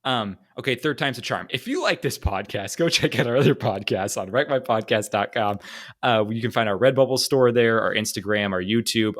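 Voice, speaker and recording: A man's voice: mid-range voice, fairly bright tone. A man co-hosting a podcast in casual chat, rambling and joking, laughing often. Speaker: podcast co-host.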